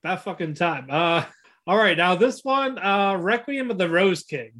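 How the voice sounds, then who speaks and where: High, bright-voiced man chatting. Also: animated, normal speed. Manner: profane, laughing, rambling with restarts. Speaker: podcast co-host. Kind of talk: casual anime podcast chat.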